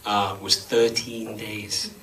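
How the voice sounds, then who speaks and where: A man, an actor answering audience questions after a screening, chatty and self-deprecating and quick to laugh. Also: on the low side, level tone, a bit bright. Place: cinema auditorium before an audience. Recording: distant mic with faint room noise.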